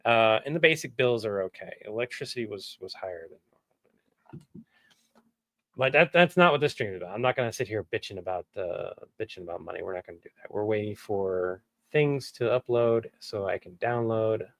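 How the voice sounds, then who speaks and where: A man's voice: fairly low pitch, a little fast, fairly bright tone, no echo. A man chatting casually on a livestream from his home setup, rambling candidly and swearing now and then. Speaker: streamer and voice actor.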